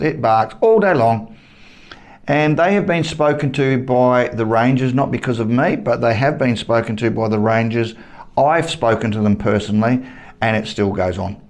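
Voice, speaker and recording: Australian bloke, mid-pitch voice, ranting to camera, heated, profane and repetitive. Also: male voice, darkish tone. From Western Australia. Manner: heated, blunt and profane, repeats himself for emphasis. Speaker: vlogger. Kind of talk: angry opinion rant to camera.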